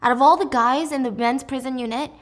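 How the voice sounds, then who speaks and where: Young woman, chatty story recap, jokey, animated, fairly high voice. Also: fairly quick. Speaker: book recap host.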